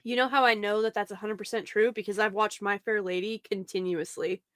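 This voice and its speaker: A woman's voice: medium pitch, steady tone, a little fast, fairly bright tone, dry recording, clean studio sound. An American woman hosting a casual commentary chat, blunt and sarcastic. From United States. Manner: blunt, sarcastic, laughs often. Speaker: host.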